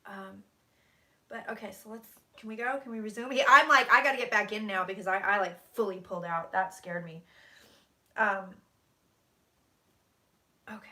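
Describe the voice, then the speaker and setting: A woman's voice: medium pitch, fairly even intonation, normal speed, long pauses, bright, forceful tone. A woman psychic channeling on a live stream from her room, talking intensely, dropping to whispers and swearing freely. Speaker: psychic reader.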